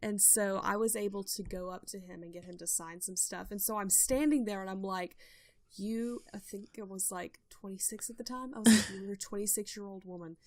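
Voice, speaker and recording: A woman hosting a casual podcast chat, playful and quick to laugh. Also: medium pitch, steady tone, darkish tone. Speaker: podcast host.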